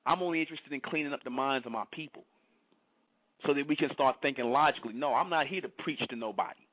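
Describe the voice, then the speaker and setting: A man hosting his own channel fires back at chat comments in a fast, scolding monologue, throwing out rhetorical questions and repeating himself. His voice is mid-range, and the dry recording sounds tinny and phone-like.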